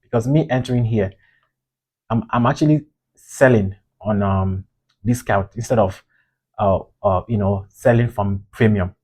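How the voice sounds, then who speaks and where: A man's voice: lowish voice, measured pace, darkish tone. A man reviewing his own trades in a casual, rambling way, frustrated and scolding himself for his mistakes.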